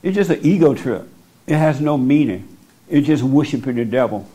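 A man's voice: mid-range voice, expressive, moderate pace, warm tone, breathy edge. Blunt, insistent man counseling someone. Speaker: spiritual counselor. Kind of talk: preaching counsel to a person in front of him. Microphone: speaking into a microphone.

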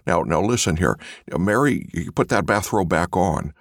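A man's voice: deep voice, animated, normal speed, no room sound, studio quality. A man doing an impression of a stammering, folksy old film-star grandpa. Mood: scolding.

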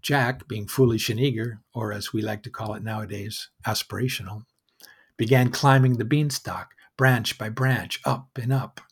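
Husky male storyteller. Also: lowish voice, fairly even intonation, moderate pace. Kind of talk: storybook narration.

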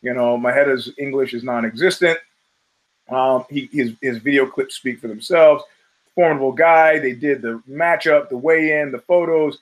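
A man's voice: medium pitch, normal speed, poor audio. Man, middle-aged, podcast host, casual rambling talk, fillers, restarts. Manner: digressive, many fillers and restarts, swears, chuckles.

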